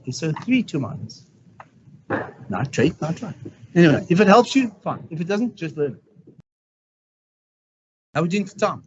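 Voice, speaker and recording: A man's voice: very high voice, fairly bright tone, dull audio, a little hiss or hum. A male science teacher giving a chemistry lesson to his class, chatty and telling anecdotes along the way.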